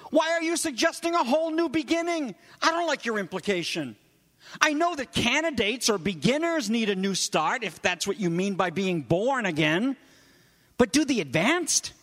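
A man's voice: very high-pitched, big pitch swings, normal speed, fairly bright tone, big-room sound, pitched above the performer's own voice, exaggerated voice. A man preacher voicing a bewildered, defensive older male teacher who protests in indignant questions.

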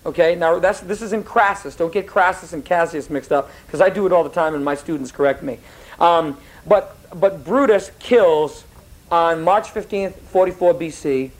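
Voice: medium pitch, low-quality recording. A teacher giving a history lecture in a classroom, rambling and digressing, correcting themself mid-sentence and asking the students questions.

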